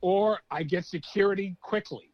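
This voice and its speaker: A man's voice: high voice, normal speed, dry recording, muffled recording. A man co-hosting a podcast, mostly agreeing and adding short points in casual sports chat. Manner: agreeable, chiming in with short replies. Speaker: podcast co-host.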